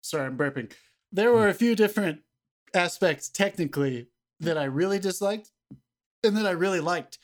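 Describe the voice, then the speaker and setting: Brief: male podcast co-host, raised pitch, emphatic and exasperated, frequent cursing. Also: expressive, moderate pace, pauses often. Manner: emphatic, exasperated, swears often. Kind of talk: casual film-review chat.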